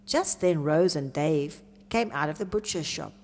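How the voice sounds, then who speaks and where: A woman reading a children's story aloud in an expressive, animated way. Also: deep voice, unhurried. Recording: long reverb.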